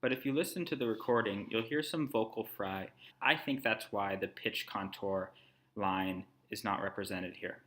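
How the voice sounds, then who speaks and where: Low, bright-voiced man explaining calmly. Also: normal speed. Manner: calm, explanatory, step by step. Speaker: language instructor. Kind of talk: screen-recorded tutorial narration.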